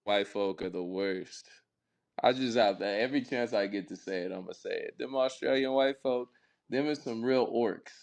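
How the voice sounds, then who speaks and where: A man's voice: moderate pace, creaky, a little mellow. Blunt mocking man, casual chat. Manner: blunt, mocking, jumps into high put-on voices. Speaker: co-host.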